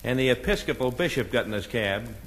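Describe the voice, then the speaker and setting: A comedian from Boston with a Boston accent, telling a string of stand-up jokes and punchlines, raising his voice when he plays the characters. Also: expressive. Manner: brisk storytelling with punchlines, voices the characters with a raised pitch. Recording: old comedy record with a noisy background.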